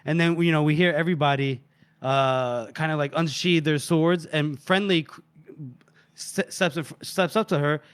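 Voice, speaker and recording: A man's voice: a little high, normal speed, clean tone, no room sound. Dry-sounding man recapping chapters casually. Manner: rambling, with frequent restarts and quoted lines. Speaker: podcast co-host.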